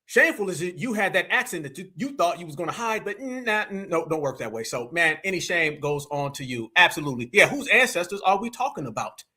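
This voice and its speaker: A man hosting a casual livestream, talking in an animated, slangy and mocking way. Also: sits high, fast, few pauses, breathy edge. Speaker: livestream host.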